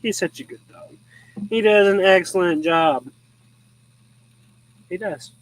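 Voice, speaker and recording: A man's voice: high voice, takes it slowly, dry recording, poor audio. A young man hosting a show, chatting casually and chuckling as he rambles through his old photos. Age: young adult. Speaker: host. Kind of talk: casual chat showing photos. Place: rural home.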